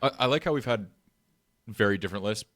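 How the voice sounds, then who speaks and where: A man co-hosting a podcast, emphatic and excitable as he keeps pressing his point. His voice sits a bit low for a man. The recording is dry and close. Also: quick pace, no echo. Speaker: podcast co-host. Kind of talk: casual chat.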